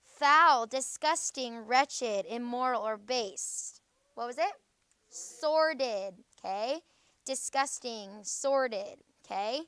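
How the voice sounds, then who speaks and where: A young woman teaching a school class, reviewing vocabulary briskly and checking in with "okay?" after nearly every point. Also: on the high side, a bit bright, clear, resonant tone, no echo. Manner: brisk, peppers talk with "okay?".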